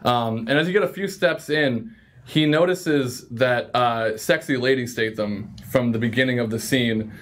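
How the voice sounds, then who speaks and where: A man's voice: mid-range voice, moderate pace. A man narrating a streamed tabletop game as game master, casual and upbeat with lots of fillers.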